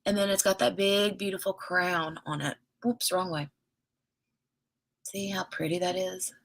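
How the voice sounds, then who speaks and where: A woman's voice: lowish voice, fairly even intonation, measured pace. A woman hosting a casual craft livestream, chatting in a rambling, storytelling way and reading viewer comments aloud.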